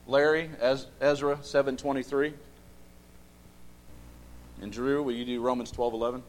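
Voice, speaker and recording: A man's voice: medium pitch, steady tone, moderate pace, a little hiss or hum. A man leading a Bible study, asking the group questions and repeating phrases for emphasis. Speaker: Bible class teacher.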